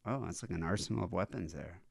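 A man's voice: low-pitched, quick pace, creaky, breathy edge, no room sound, studio quality. A man co-hosting a comedy podcast, reading news stories aloud in a laid-back, wry way. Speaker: podcast co-host. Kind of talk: casual comedic chat.

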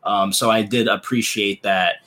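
Male co-host with a low voice, lively and slangy in casual talk. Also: measured pace. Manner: animated, slangy. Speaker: podcast co-host. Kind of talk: casual movie discussion.

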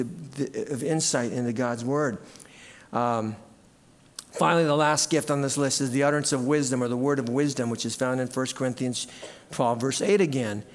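A man preaching a sermon as pastor in a church, animated and at times shouting out cheers. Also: medium pitch. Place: church sanctuary.

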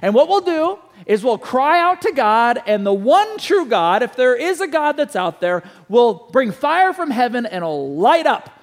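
A man's voice: extremely high pitch, very animated, measured pace, few pauses, in a large hall, heavily acted. A man voicing a bold male prophet who brashly taunts his rivals, in a sermon retelling. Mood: challenging. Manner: brash, mocking challenge.

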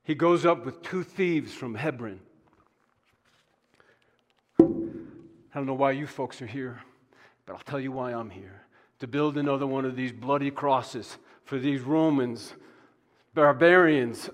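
A man's voice: medium pitch, unhurried, long pauses, close to an everyday voice. A man playing a bitter cross-maker. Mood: resentful. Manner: scornful, grumbling. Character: bitter male cross-maker working for the Romans. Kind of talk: dramatic monologue in a church service. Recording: long church reverb.

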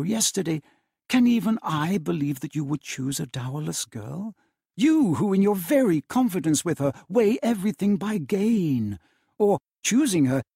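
A man reading aloud and voicing a gentle young woman who speaks softly and steadily as she ends her engagement. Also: high-pitched, slightly rough, dry recording, clean studio sound, full character voice. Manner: soft, sorrowful and steady. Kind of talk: dramatic reading of a classic novel.

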